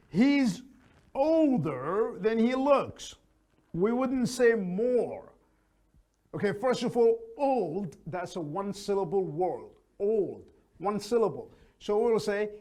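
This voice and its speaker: Male English tutor, high voice, unhurried, repeats each example sentence for learners. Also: lively intonation, warm tone. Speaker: English teacher. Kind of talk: grammar lesson, reading examples aloud.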